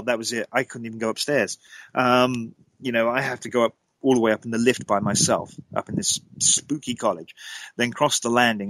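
A man, a guest telling an eerie personal story in a lively, dramatic way. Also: dry recording, poor audio. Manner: lively, dramatic storyteller with sudden pitch jumps. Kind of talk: animated anecdotal storytelling.

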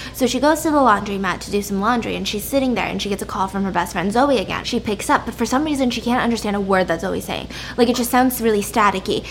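A woman's voice: fairly high pitch, a little hiss or hum. A young woman casually recapping a story in a chatty way, with many fillers.

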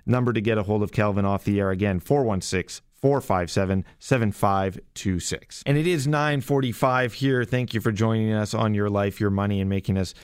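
Man, radio call-in host, upbeat, smooth low voice. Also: no echo, clean studio sound. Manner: friendly, upbeat, repeats phone numbers slowly. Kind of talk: radio call-in show hosting. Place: radio studio. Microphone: studio microphone.

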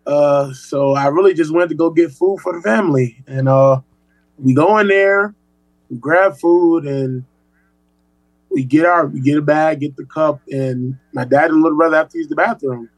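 A young man, a college student guest, telling his story in halting, plain answers. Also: on the high side, no echo. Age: young adult. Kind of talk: interview answers.

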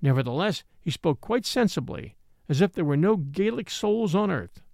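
A man narrating a classic mystery audiobook in a measured, expressive storytelling manner. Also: high voice, creaky, dry recording, studio quality.

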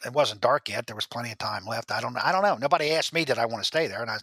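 A man as the podcast guest, telling rambling stories with halting restarts. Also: medium pitch, bright, forceful tone, slightly rough, no room sound. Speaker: guest, former drug agent. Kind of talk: storytelling interview.

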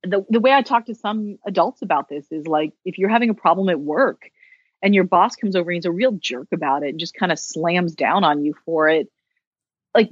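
A woman who works as a social worker appears as a podcast guest in a casual interview, speaking candidly and chattily with self-deprecating humor. Her voice sits on the low side, and the recording is muffled with no echo.

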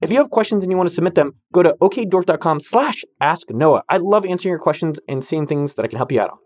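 A man's voice: a little high, expressive, quick pace, a little mellow, no room sound. A man hosting a podcast, answering listener questions in a casual, jokey, slangy way. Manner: jokey and slangy, full of banter. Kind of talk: casual, hyped Q&A talk.

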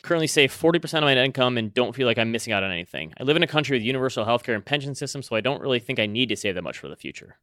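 A man co-hosting a podcast, dropping quick dry remarks in casual chat and reading a listener's question aloud. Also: medium pitch, animated, bright, forceful tone, dry recording. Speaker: podcast co-host.

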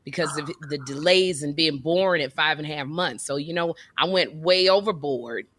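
A woman co-hosting a casual chat who tells animated, exaggerated stories. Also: low-pitched, moderate pace. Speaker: co-host.

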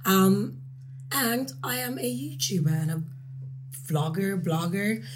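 A woman from Sweden, a guest, introducing herself in a relaxed, matter-of-fact way in casual chat. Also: medium pitch, slow, slight background noise. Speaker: guest, author and solicitor.

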